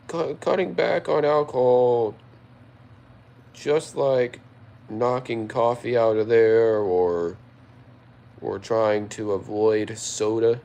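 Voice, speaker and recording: A man's voice: mid-range voice, fairly even intonation, slow, darkish tone. A tipsy man hosting a livestream, reading chat aloud and answering in a rambling way, repeating himself often. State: tipsy after a few drinks.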